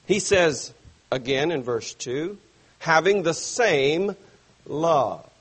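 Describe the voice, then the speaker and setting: A male pastor delivers an evening sermon at an unhurried, deliberate pace. His voice is a little husky and sits somewhat high for a man. He presses hard on key words, then lets whole phrases sink soft. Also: lively intonation. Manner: emphatic preaching with slow stressed phrases and sudden soft drops. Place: church.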